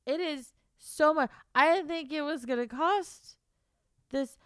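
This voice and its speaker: A woman's voice: sits high, measured pace, dry recording, studio quality. A young woman streaming casually to her chat, teary and stuffed up, laughing through her tears and swearing.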